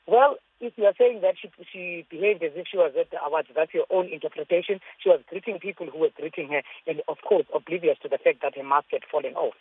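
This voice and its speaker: A woman spokesperson from South Africa comes through a thin, tinny phone line, her voice husky and dry. She answers in a firm, defensive way, holding her position. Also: lowish voice, no room sound. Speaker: government spokesperson. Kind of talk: interview by phone.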